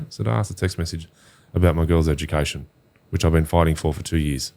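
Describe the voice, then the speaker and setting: Australian bloke, low-pitched, blunt and animated, telling a personal story on a podcast. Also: male voice, fairly quick, vocal fry, few pauses. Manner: blunt, animated retelling with quoted dialogue. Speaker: podcast guest. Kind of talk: candid storytelling.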